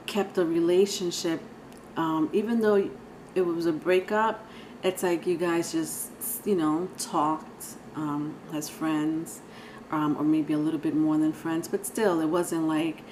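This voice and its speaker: Chatty low-voiced woman reading tarot. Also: fairly even intonation, unhurried, noisy background. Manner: chatty, rambling, frequent sighs and laughs. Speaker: tarot reader.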